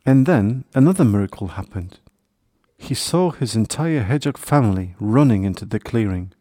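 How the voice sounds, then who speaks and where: A man reading a children's storybook aloud in a gentle, unhurried manner. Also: fairly low pitch, lively intonation, dry recording, studio quality. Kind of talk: storybook narration.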